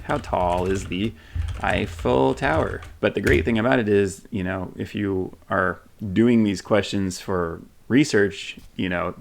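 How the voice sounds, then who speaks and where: A man casually demonstrating a chatbot on his computer, thinking aloud, reading replies off the screen, and pausing on frequent ums. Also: fairly low pitch, vocal fry. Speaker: tech video host. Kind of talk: casual screen-recorded demo.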